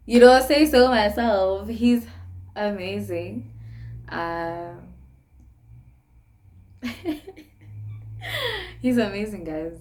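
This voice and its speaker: A woman's voice: mid-range voice, very slow, long pauses, darkish tone. A young woman with a South African accent chatting casually to camera in a sit-down vlog, laughing often between phrases. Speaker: vlogger.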